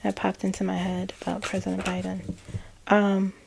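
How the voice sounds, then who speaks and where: A woman tarot reader relaying channeled messages, slow and hesitant, with frequent ums and self-corrections. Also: mid-range voice, completely flat delivery, vocal fry, a little mellow, a little hiss or hum.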